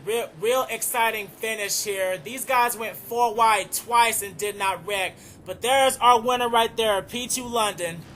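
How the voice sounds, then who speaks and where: A young man doing excited play-by-play commentary on a race, repeating "oh man" and running out of breath. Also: very high-pitched. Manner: excitable, keeps saying "oh man".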